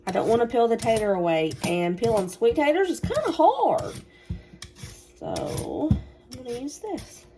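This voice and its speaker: Cooking in her home kitchen, a vlogger with a Southern US accent keeps up a folksy, casual chat with her audience. She speaks a little slowly in a slightly high voice whose pitch swoops wildly, with noise in the background.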